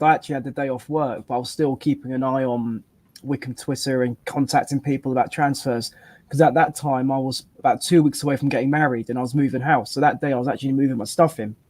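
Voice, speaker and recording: A man tells a relaxed anecdote as a guest in a casual chat. His voice sounds close and dry, with no room around it. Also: mid-range voice, no room sound.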